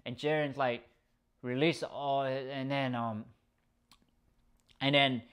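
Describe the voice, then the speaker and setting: A man giving a casual, excitable episode review, swearing often and rambling through restarts. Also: medium pitch, takes it slowly, smooth. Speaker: video reviewer.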